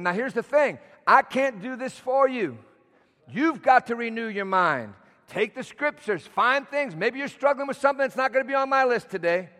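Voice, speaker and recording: A man preaching a sermon, swinging from shouts to quiet asides, calling for amens from the congregation. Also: sits high. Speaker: pastor. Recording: long hall reverb.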